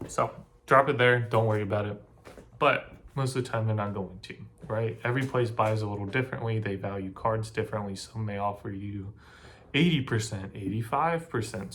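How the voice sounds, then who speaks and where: A man's voice: lowish voice, a bit bright, a little hiss or hum. Chatty man giving step-by-step advice. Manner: chatty, repeats himself, frequent "right?" asides. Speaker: channel host giving advice. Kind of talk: casual how-to talk to camera.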